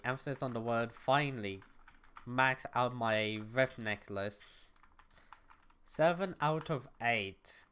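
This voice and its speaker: Smooth-voiced young gaming streamer. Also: medium pitch, slow pace, fairly bright tone. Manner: chatty, thinks aloud, talks to viewers. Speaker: livestreamer. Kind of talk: casual gaming stream chat. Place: at home, neighbors next door.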